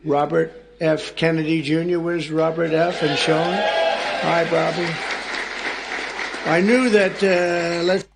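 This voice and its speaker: An older man gives off-the-cuff public remarks at an official event in a large formal room, rambling, digressing and teasing his guests. His voice is on the high side and gravelly, delivered flatly and slowly. This archive clip carries crowd murmur, room noise and background noise from the assembled guests.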